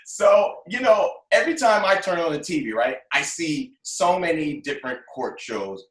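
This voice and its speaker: A man hosting an interview, chatty and lively, laughing along with his guest. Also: a little high, moderate pace. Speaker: interview host. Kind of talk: casual interview talk. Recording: roomy echo.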